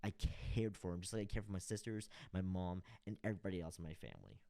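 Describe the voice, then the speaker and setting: A man's voice: deep voice, lively intonation, fast, vocal fry, mellow, dry recording. A young man reacting to a music video, talking casually and emotionally with many restarts and fillers.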